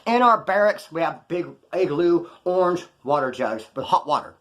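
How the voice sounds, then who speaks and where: A man's voice: a little high, normal speed. A man telling stories from prison in a casual, slangy way, acting out the lines of the people in them. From California. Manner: slangy, animated, acts out other people's lines. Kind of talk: casual storytelling to camera.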